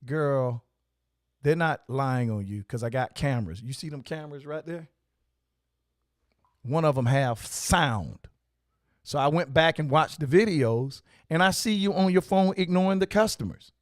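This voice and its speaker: This host, who owns a coffee shop, has a slightly high voice and a measured pace as he shares stories and motivational advice. He delivers it in an emphatic, repetitive, preacher-like manner, recorded cleanly in the studio with no echo.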